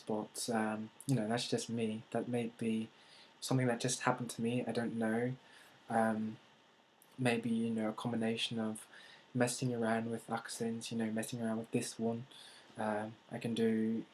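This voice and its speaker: A man from the United States talking to camera in a vlog. He speaks in a deliberately unusual put-on accent and pauses often with fillers and restarts. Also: medium pitch, a little hiss or hum, rough recording. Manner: hesitant, with many fillers and restarts. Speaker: vlogger. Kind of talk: casual talk to camera.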